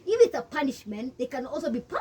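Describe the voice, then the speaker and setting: A young Kenyan woman with a Kenyan accent, telling her story in an interview and mixing English and Swahili in an animated way. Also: sits high, quick pace, husky, far from the mic. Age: young adult. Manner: switches between English and Swahili, animated, laughs often. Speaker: interview guest.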